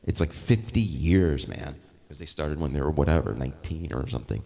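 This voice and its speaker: A man's voice: very deep voice, lively intonation, a little fast, creaky, warm tone. A male musician chatting casually and rambling between songs on a livestream while taking requests. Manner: rambling, offhand. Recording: long reverb, faint guitar behind.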